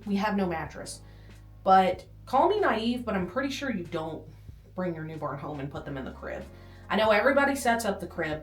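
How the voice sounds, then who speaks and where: In her small home nursery, a pregnant young woman vlogs a casual, rambling tour, making fun of herself and occasionally catching her breath. Her voice is mid-range and captured off-mic with roomy sound, while an air conditioner hums under faint music.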